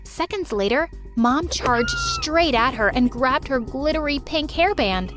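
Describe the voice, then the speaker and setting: A woman narrating a first-person animated story in a dramatic, expressive way. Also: high-pitched, unhurried, music in the background.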